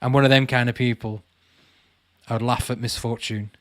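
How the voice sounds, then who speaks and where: A man's voice: mid-range voice, flat delivery, moderate pace, a bit bright, dry recording. A man hosting a casual livestream, reading out viewers' comments and chatting back to them. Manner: chatty, calls viewers mate, reads comments aloud. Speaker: channel host answering live chat.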